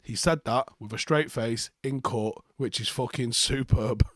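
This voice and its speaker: A man's voice: mid-range voice, measured pace, dry recording, clean studio sound. A young man, hosting a live football reaction stream, reading viewer comments and answering them bluntly with plenty of swearing and sarcasm.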